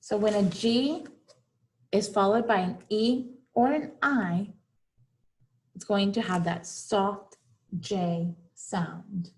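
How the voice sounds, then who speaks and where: Slow, patient female phonics teacher, mid pitch, repeats each word for young kids. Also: darkish tone. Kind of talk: phonics lesson for young children.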